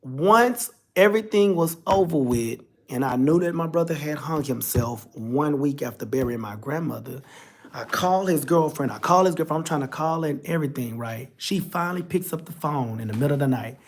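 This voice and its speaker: A man's voice: on the high side, lively intonation, brisk. A man, telling a personal story to his viewers, candid and emotional, speaking to them directly. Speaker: vlogger.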